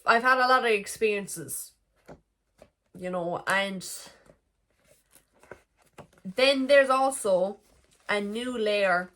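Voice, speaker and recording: A woman's voice: mid-range voice, sharp tone. A young woman vlogging a frank, emotional confessional monologue, swearing freely as she talks.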